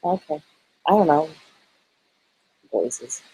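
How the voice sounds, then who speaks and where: Gravelly woman with wry banter. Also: deep voice, lively intonation, slow pace, mellow, poor audio. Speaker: co-host, artist. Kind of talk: casual chat.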